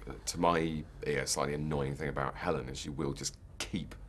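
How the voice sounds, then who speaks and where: Man, stage actor, very low voice, hesitant, faint noise behind. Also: fairly even intonation, normal speed. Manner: hesitant, self-deprecating, with restarts. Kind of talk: casual interview chat.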